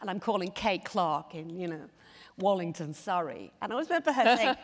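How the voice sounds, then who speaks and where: A woman chatting as a guest in an onstage interview, animated and laughing often. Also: lowish voice, fairly quick. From England. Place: stage in a large hall. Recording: long hall reverb.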